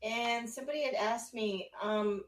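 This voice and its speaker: A woman co-hosting a casual radio talk show, easygoing and quick to laugh, reading listener questions. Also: a little high.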